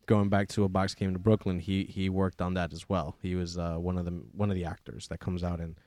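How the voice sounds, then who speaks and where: A man's voice: deep voice, level tone, brisk, darkish tone, no room sound. A man co-hosting a podcast in casual chat, laid-back and joking, with some swearing. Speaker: podcast co-host, filmmaker.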